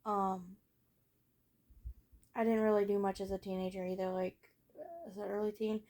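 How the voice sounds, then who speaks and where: A teenage woman casually telling her own life story, frank and rambling, with lots of fillers and swearing, often trailing off softly at the ends of thoughts. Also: mid-range voice, level tone, normal speed. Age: late teens. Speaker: vlogger.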